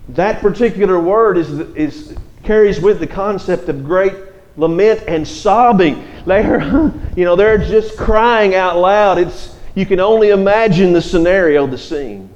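A man's voice: high-pitched, measured pace, a little mellow, muffled recording. A man preaching an expository sermon, reading scripture verses aloud and explaining them.

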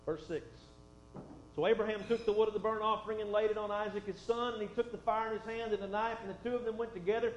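A high-voiced male pastor preaches fast with fairly even intonation, reading scripture in a folksy style full of conversational asides. He drops soft, then swells for emphasis, and the roomy hall recording sounds dull with a faint hum.

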